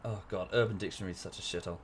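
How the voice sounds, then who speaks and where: A young man from England chats casually with his stream chat while playing a strategy game, frequently correcting himself mid-sentence. His voice is low and steady in tone but racing, with a breathy edge.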